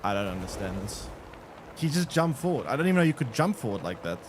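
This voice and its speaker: A man's voice: medium pitch, big pitch swings, fast talker, background noise. A man streaming a game live, rambling and thinking aloud to his chat with many restarts. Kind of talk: live gameplay commentary to chat.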